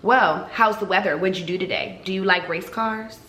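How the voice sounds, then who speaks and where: A woman voicing a hesitant, defensive young man on a date while retelling a story, her voice dropped slightly lower. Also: moderate pace, pushed and bright, roomy sound, lightly acted.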